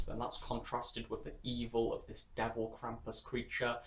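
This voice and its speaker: A man's voice: mid-range voice, echoey room, rough recording. A man giving a spoken review of an audio drama, talking steadily and often saying "in fact". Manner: flat, steady delivery with frequent "in fact".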